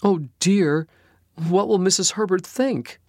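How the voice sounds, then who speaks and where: A man voicing a kind, anxious young serving girl in a storybook reading, raising his voice high and pleading. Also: big pitch swings, a little fast, darkish tone, slightly rough, dry recording, clean studio sound. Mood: alarmed.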